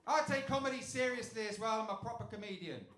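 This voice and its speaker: Male stand-up comic, deadpan dark material, voice on the high side, handheld mic in an echoey club. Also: quick pace. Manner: deadpan dark jokes, swings between loud punchlines and low muttered setups. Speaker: stand-up comedian. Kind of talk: stand-up set. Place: comedy club stage. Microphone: handheld stage mic. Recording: echoey club with room noise.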